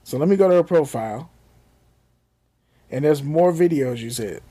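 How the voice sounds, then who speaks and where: A man in his thirties co-hosting a casual, crude podcast chat, animated and joking. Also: on the high side, slightly rough. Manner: animated, joking, quick rises into laughter. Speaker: podcast co-host.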